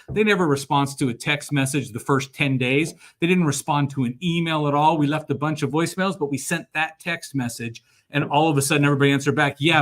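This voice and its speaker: A man hosting a live show who coaches car sales, animated and acting out the dialogue he quotes. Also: on the high side. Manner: animated, acts out quoted dialogue, laughs often. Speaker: sales trainer and show host.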